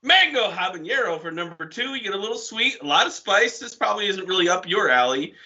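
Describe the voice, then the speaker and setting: A man's voice: sits high, expressive, fast, bright, forceful tone, muffled recording. A man co-hosting a podcast, explaining things in an easygoing, casual way. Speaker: podcast co-host. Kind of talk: casual banter.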